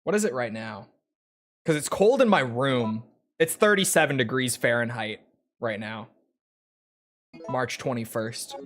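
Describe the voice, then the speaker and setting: A man's voice: mid-range voice, animated, a little slow, pauses often, a bit bright. A young man from Minnesota, streaming a game from his room and chatting with viewers in a rambling, profane, joking way. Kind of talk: casual chat with viewers while gaming.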